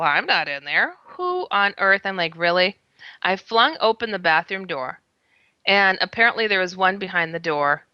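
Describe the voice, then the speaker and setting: A woman telling a story in an animated way, laughing often and acting out her own quoted words. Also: mid-range voice, smooth, dry recording. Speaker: guest. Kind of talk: animated first-person storytelling. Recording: slightly muffled lo-fi sound.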